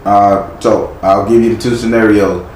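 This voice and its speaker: Blunt low-voiced man reading tarot. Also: little pitch movement, moderate pace, a little mellow. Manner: blunt, chiding, casual slang. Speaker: tarot reader. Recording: echoey room with faint noise.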